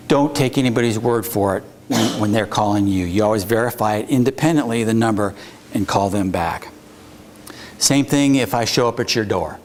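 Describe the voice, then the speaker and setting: A police investigator giving an informal, halting presentation, full of fillers and restarts. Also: male voice, lowish voice, darkish tone, a little hiss or hum. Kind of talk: informal presentation at a public talk.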